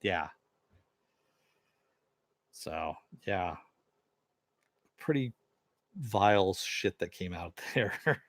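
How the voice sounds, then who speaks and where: A man's voice: deep voice, animated, very slow, pauses often, dry recording, clean studio sound. A man casually recapping a TV episode, rambling with lots of fillers and "he goes". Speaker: TV episode reviewer.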